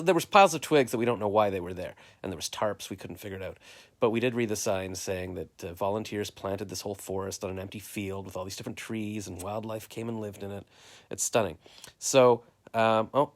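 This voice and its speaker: A Canadian man rambling through a story of his day on a live stream, quoting everyone with "I'm like" and "he's like.". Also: on the low side. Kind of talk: casual live-stream chat.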